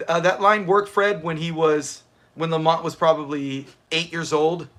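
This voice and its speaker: Guy hosting a watch party stream, kinda high bright voice, laughs a lot, chats w viewers. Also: fairly even intonation, normal speed. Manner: chatty, laughs often, answers viewers in chat. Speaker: livestream host. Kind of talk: casual watch-party commentary.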